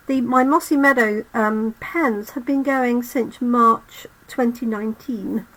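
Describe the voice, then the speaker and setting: Woman losing her voice, kinda gravelly, chatting slow thru a craft demo, faint hum behind. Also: on the high side, fairly bright tone, poor audio. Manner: chatty, talks to viewers while working. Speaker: crafting channel host. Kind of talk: live card-making demo.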